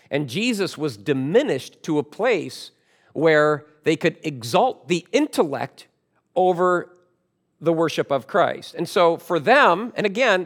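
A man preaching a sermon as pastor, emphatic, with loud stressed words and quieter asides. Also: on the high side.

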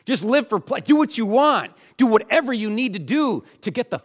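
A man's voice: very high voice, very animated, normal speed, big-room sound, voice pushed up, full character voice. A man voicing a hedonistic Greek man who lures people toward pleasure, in a mocking, exaggerated way. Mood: mocking enticement.

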